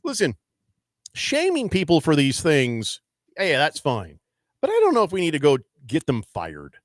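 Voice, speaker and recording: A man's voice: fairly high pitch, wildly swooping pitch, normal speed, no echo, clean studio sound. A man hosting a sports talk radio show, telling stories in a casual, rambling way full of fillers. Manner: rambling with many fillers and restarts. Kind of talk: casual storytelling chat. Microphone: studio microphone.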